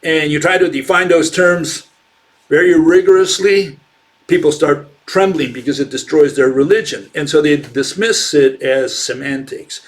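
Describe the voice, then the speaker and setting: A channel host delivers unscripted commentary in a higher-pitched voice at normal speed. He is scornful and argumentative, firing off rhetorical questions with lots of fillers and restarts.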